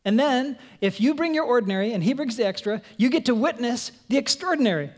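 A woman pastor preaching a conversational sermon, animated, asking her congregation questions and acting out voices. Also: fast. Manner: animated, acts out quoted voices in a higher pitch.

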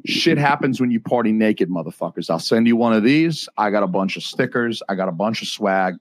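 Hosting a podcast livestream, a man in his thirties jokes crudely and rambles, restarting often. He sounds lowish, animated, and brisk on a dry recording.

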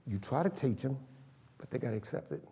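A man's voice: medium pitch, animated, a little fast, mellow, slightly rough, in a large hall. A man preaching a sermon, emphatic and calling for responses from the congregation. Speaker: pastor.

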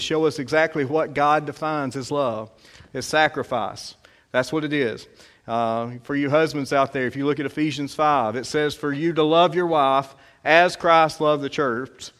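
Halting conversational male preacher. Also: mid-range voice, a bit bright. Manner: conversational, halting, many fillers. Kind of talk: sermon.

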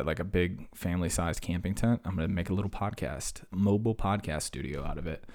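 A man in his thirties with a very low voice hosts a solo podcast. He rambles and mocks himself, and he sounds a little wheezy after a workout. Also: a little mellow. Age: 30s. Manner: rambling, self-mocking, talks to himself. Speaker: podcast host. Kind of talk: casual solo podcast monologue.

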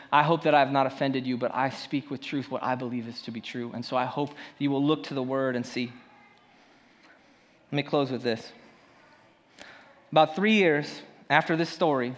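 A male pastor preaching a sermon in a conversational way, swinging between loud emphasis and hushed moments. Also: mid-range voice, in a large hall.

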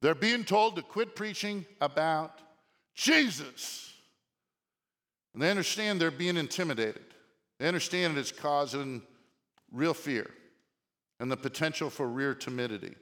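A male pastor preaching a sermon in an animated way, often asking the congregation questions. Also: a little high, a little slow, pauses often. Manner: animated, asks the congregation questions, shouts quoted lines. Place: church sanctuary. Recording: long reverb of a church hall.

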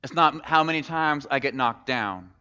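Casual-talking preacher in an echoey hall. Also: male voice, mid-range voice, normal speed, sharp tone, clear, resonant tone. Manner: conversational, rhetorical questions, casual humor. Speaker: pastor. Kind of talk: sermon. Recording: echoey hall, muffled sound.

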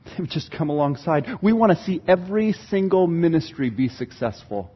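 A man preaching a sermon as pastor, animated, acting out church members' voices. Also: on the high side, normal speed, breathy edge, dull audio.

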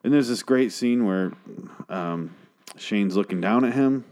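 A man talking in a hushed way late at night at home, casually recapping a TV episode and swearing often. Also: fairly low pitch, a little slow. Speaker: show recapper. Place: home at night, a girlfriend asleep in the next room.

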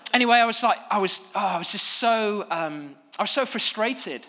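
A man preaching a sermon from a church stage, telling stories at his own expense in a lively way. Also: high-pitched, moderate pace, in a large hall. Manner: animated, self-deprecating storytelling.

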